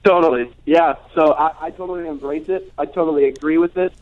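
Fast-talking young man on a phone line. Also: a little high, fairly even intonation. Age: 20s. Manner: fast, earnest, many restarts. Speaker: guest author on the phone. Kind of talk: phone interview.

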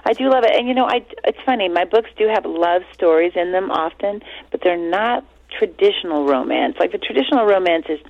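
Gravelly-voiced woman telling chatty stories. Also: on the low side, animated, a little fast, hardly any pauses, dry recording, lo-fi sound. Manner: chatty, laughing anecdotal storytelling. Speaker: author guest. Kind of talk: casual interview chat.

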